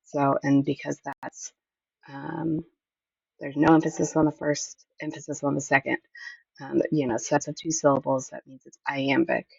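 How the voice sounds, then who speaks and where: A woman teacher talks through a lesson in a patient, explanatory way, thinking aloud as she goes. Her voice is gravelly and husky and stays fairly flat. The dull, lo-fi recording picks her up from a distance. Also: sits low, normal speed, dry recording. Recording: dull lo-fi audio, mic at a distance.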